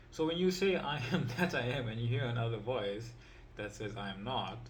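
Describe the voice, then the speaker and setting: A man's voice: medium pitch, slight background noise. A man teaching as an empowerment coach in an informal, rambling way. He repeats himself, keeps checking in with "right?" and "you see", and chuckles now and then while he draws with a pen.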